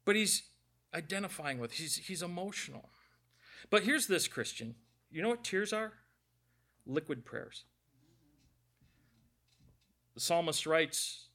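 A man's voice: a little high, sing-song, measured pace, pauses often, fairly bright tone. A man preaching a conversational sermon, earnest and emotional, with self-deprecating asides. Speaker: pastor.

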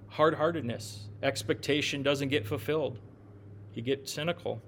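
A middle-aged man, preaching in a loose, conversational way. His voice sits a bit high for a man. He asks the listeners questions and drops joking asides as he talks. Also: a little slow, a little hiss or hum. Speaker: pastor. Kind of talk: conversational sermon.

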